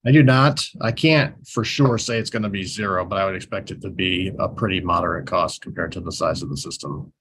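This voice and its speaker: Low-voiced man answering a committee. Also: brisk, hardly any pauses, noisy background. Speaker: witness explaining a bill.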